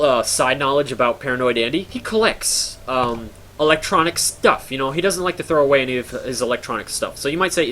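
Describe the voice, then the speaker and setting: A man's voice: a little high, a bit bright. A young man telling a story casually to his stream chat, with rambling fillers and mock-horror drama.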